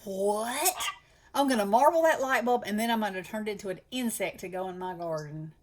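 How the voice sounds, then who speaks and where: A woman's voice: mid-range voice, brisk. A woman with a Southern US accent chatting enthusiastically as host of a craft channel. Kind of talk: casual chat.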